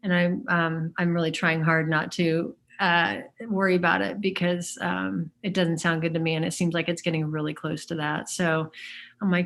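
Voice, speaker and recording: A woman's voice: on the low side, level tone, normal speed, a bit bright. Hesitant woman searching for words. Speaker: interview guest. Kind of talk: casual conversation.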